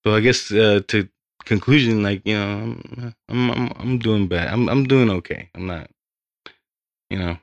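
A man's voice: on the low side, unhurried, gravelly, no room sound, lo-fi sound. A young man, a podcast guest, telling his story in a rambling, casual way with lots of swearing.

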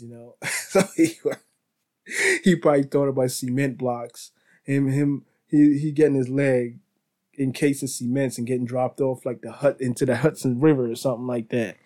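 A man's voice: medium pitch, fairly even intonation, moderate pace, mellow. A man hosting a podcast, telling casual stories in a rambling way with restarts, laughter and "bro". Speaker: podcast host. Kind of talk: casual storytelling.

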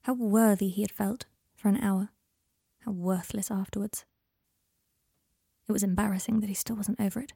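A woman narrating a story in a calm, measured reading voice. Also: mid-range voice, gravelly, slightly rough, no room sound, clean studio sound. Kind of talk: audiobook narration of fan fiction.

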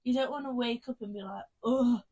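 A woman's voice: on the high side, fast talker. A young woman co-hosting a podcast, chatting casually with lots of "like". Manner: chatty, lots of "like", bursts of loud laughter. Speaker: podcast co-host. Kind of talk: casual chat.

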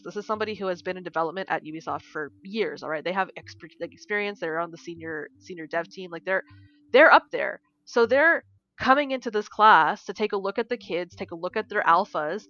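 Bright-voiced woman telling a lively story. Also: medium pitch. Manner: animated, swearing, acts out dialogue in quotes. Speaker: podcast co-host and game design teacher. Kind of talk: casual storytelling chat. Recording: dull lo-fi sound.

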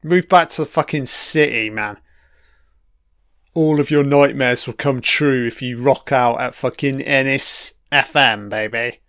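A man's voice: mid-range voice, a little slow, a bit bright, smooth, no room sound, studio quality. Sweary sarcastic man ranting. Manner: profane, sarcastic, grumbling. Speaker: commentator. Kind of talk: ranting audio commentary on a TV episode.

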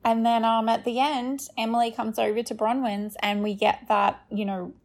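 A woman's voice: fairly high pitch, flat delivery, normal speed. A woman co-hosting a podcast, chatting casually through a recap and quoting people in mock voices. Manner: chatty, quotes cast members in mock voices. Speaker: podcast co-host.

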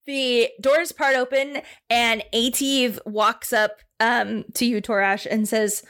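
A woman runs a tabletop game as its dungeon master, narrating scenes in a slightly high voice. Her delivery is casual and laid-back, full of fillers. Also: fairly even intonation, measured pace, few pauses, a bit bright.

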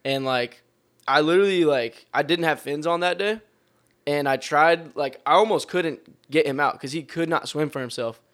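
A man's voice: fairly high pitch, normal speed, a bit bright. A man, a jet ski tour guide chatting in a laid-back, slangy way. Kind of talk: casual podcast chat.

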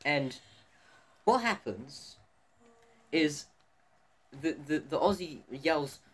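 A man's voice: fairly high pitch, animated, extremely slow, fairly bright tone. A teenage boy co-hosting a casual podcast, talking in a rambling way with many fillers and restarts. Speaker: podcast co-host. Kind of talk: casual podcast chat among students. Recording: faint background noise.

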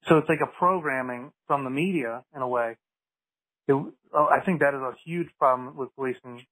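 A man's voice: mid-range voice, normal speed, a bit bright, rough recording. A man co-hosting a casual podcast conversation who works through his points at length.

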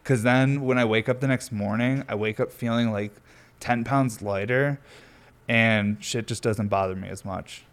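A man's voice: mid-range voice, steady tone, moderate pace. Rambling laid-back young man. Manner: rambling, loose, laid-back, swears a lot, heavy use of "like". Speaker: vlogger. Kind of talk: casual storytelling monologue. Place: at home near a garage, windy outside.

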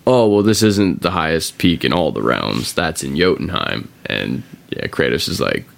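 Deep gravelly dude on a podcast, swears a lot, laughs and jumps into little character voices. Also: male voice, sing-song. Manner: laughing often, swearing, acting out lines in quick voices. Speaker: podcast host. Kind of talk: casual chat, retelling a game story.

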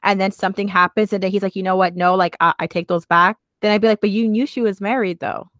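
A woman's voice: mid-range voice, fairly even intonation, quick pace, fairly bright tone, no echo. A woman co-hosting a casual chat, recapping a drama with gushing emotion and constant "like" fillers. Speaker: co-host.

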